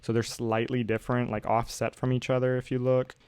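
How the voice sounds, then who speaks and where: A man's voice: medium pitch, flat delivery, brisk, a little mellow, clean tone, dry recording. A young man casually walking through how he made his song, in a laid-back tone full of "like". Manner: laid-back, filler-heavy, uses "like" often. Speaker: music producer explaining his song. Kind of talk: casual tutorial voice-over. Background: his song playing underneath.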